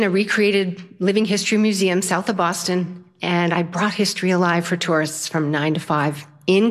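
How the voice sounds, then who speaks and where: An older woman telling a personal story to an audience, with an animated, playful delivery and frequent laughter. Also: fairly low pitch.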